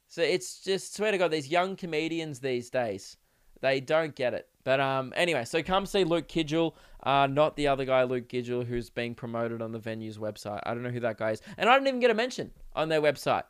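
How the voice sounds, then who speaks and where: A man's voice: medium pitch, animated, a little fast, clean tone. An Australian man hosting a solo comedy podcast, ranting sarcastically and swearing in mock outrage.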